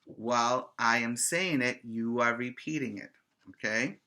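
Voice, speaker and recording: Over video, a man teaches preschoolers in a medium-pitched voice that's bright and forceful. He goes very slowly and sing-song, repeating each word so the little ones can keep up, and asks gentle, coaxing questions.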